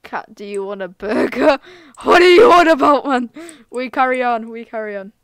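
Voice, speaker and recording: A woman streaming a game live, talking casually to viewers, excitable and giggly, full of slang. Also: fairly high pitch, moderate pace, no room sound, clean studio sound. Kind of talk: casual live gameplay commentary.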